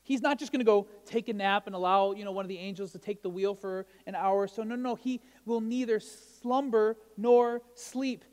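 Speaking fast with few pauses, this pastor has a high-pitched voice that fills a large hall. He keeps his sermon loose and conversational, often asking listeners "right?" and telling jokey stories.

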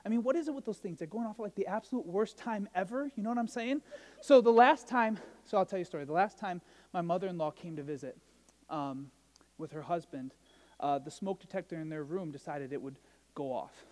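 A man's voice: sits high, a little fast, a little mellow, big-room sound. A male pastor giving a casual, conversational sermon, often asking the listeners "right?" and telling humorous stories. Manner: conversational, asks the crowd "right?", tells jokey stories.

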